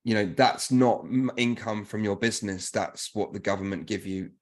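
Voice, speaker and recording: A man's voice: on the low side, normal speed. A man hosting an online workshop over a video call, talking in chatty, rambling recaps and thanks. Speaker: workshop host.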